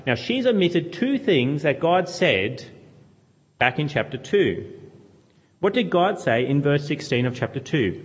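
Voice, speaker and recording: A man's voice: a little high, sing-song, unhurried. A man preaching a sermon, teaching earnestly and asking his listeners questions as he goes. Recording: long hall reverb.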